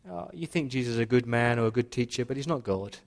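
A man preaching a sermon in a church, earnest, slowing into quiet dramatic pauses. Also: mid-range voice, vocal fry. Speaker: pastor.

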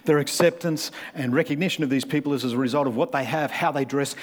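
A man's voice: a little high, steady tone, quick pace. A man, preaching a sermon in a conversational way and acting out the people he describes. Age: 50s. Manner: conversational, acts out quoted voices.

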